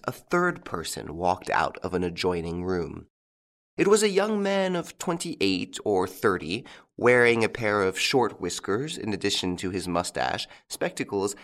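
A man narrating a classic detective story as an audiobook, in a measured storytelling manner. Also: lowish voice, a bit bright.

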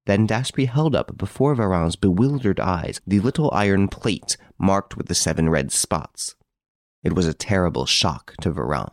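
Deep-voiced male audiobook narrator. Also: expressive, normal speed, no echo, clean studio sound. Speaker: audiobook reader. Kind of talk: scripted first-person narration.

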